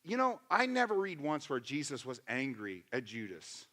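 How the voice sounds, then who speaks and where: A man's voice: medium pitch, huge pitch swings, moderate pace, fairly bright tone. A male pastor preaching a sermon, conversational and emphatic, asking his congregation questions and acting out quotes. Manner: emphatic, acts out quotes in voices.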